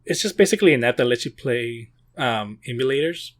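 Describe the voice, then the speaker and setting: Male podcast co-host, mid-pitched, halting explainer, lots of ums, relaxed chat. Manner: hesitant, many fillers and restarts. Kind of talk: casual chat.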